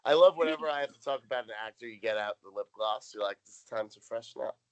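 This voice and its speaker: A man's voice: mid-range voice, fast, muffled recording, very noisy. A man co-hosting a podcast, casually recapping a sitcom episode from his notes, with lots of ums and restarts. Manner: rambling, reads out notes with frequent ums. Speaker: podcast co-host.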